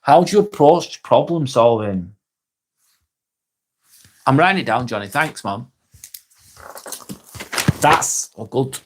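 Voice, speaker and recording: A relaxed man from England chats on a live stream, reading comments aloud in a medium-pitched voice with a British English accent. He's laid-back and talkative, with frequent ums and quick laughs.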